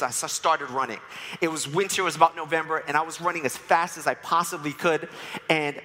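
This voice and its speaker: A man in his forties from New York preaches to a congregation, weaving personal stories with playful humor. His voice sits a bit high and rings bright and forceful. The sound trails off in the long reverb of a church hall. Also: a little fast. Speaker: church speaker. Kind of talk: sermon with personal testimony. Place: church sanctuary.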